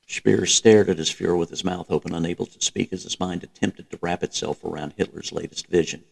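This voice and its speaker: A man narrating a novel in a measured, even reading. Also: sits low, creaky, husky. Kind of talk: audiobook reading.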